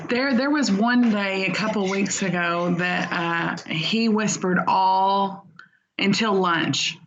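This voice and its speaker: A woman from Texas, a mother, chatting casually and agreeing in short replies. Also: medium pitch. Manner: brief agreeing replies, unhurried. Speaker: parent. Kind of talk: casual chat. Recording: dull lo-fi sound with faint hiss.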